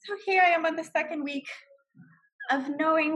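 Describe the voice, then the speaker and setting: A woman in her forties sharing an emotional personal testimony, telling it in a heartfelt, animated way. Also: sits high, moderate pace, muffled recording. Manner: heartfelt, animated storytelling with laughs. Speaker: guest sharing her story.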